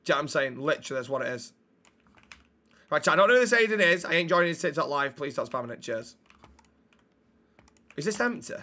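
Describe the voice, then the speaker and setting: A man's voice: on the high side, animated, fast talker, pauses often, bright, forceful tone. A young man, chatting bluntly and swearing while streaming a game. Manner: sweary, blunt banter with chat. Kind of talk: live-stream chat while gaming.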